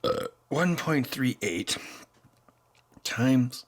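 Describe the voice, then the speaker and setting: A man's voice: mid-range voice, lively intonation, very slow. A tipsy man hosting a casual electronics teardown, rambling and chuckling as he thinks aloud. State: tipsy from beer. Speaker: electronics hacker host.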